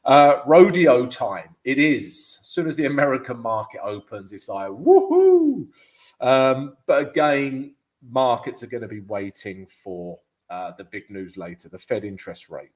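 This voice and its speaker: A man's voice: lowish voice, normal speed, few pauses. A man from the UK with a London accent hosts a live forex stream. He answers viewers' questions in a chatty way and keeps calling them "guys". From United Kingdom. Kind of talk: live market analysis and viewer Q&A.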